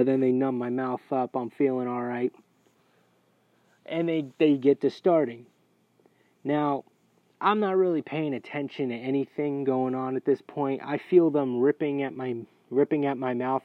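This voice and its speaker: A man's voice: medium pitch, no echo. A man telling a rambling personal story in a casual, profane way that gets heated. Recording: dry, dull lo-fi recording.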